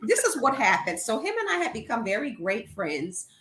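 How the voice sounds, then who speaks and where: A woman guest on a relationship show, telling a personal story in a lively way, laughing often and acting out what people said. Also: a little high, normal speed, echoey room, a crowd in the background. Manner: animated, laughs often, acts out quoted voices.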